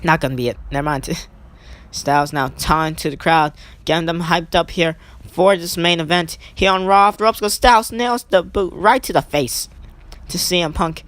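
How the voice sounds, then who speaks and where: A woman giving eager play-by-play wrestling commentary over a video game, climbing high in pitch as she counts pins, with chatty asides. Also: normal speed. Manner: excitable, rising sharply on pin counts, chatty asides. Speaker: gaming channel host.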